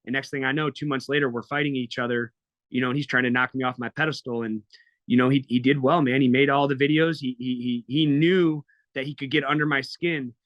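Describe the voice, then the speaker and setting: A thirties-aged fighter guesting on a podcast speaks in a mid-range voice with a steady tone and brisk pace, telling his story bluntly, emotionally, and with plenty of swearing. The candid interview audio is dull, with no room sound.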